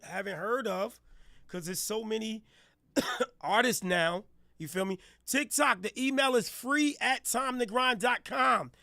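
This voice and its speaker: A middle-aged man from New Jersey hosting a live hip hop radio stream, firing off hype shout-outs in street slang. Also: high voice, creaky, no echo, clean studio sound. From New Jersey, USA. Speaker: radio host reviewing music. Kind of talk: hype livestream radio talk.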